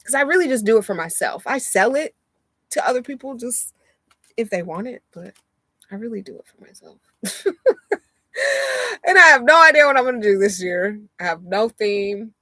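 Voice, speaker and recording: A young woman casually chatting on a live stream from inside her motorhome, animated and laughing often. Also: fairly high pitch, moderate pace, pauses often, no room sound. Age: young adult. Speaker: vlogger and oracle card reader.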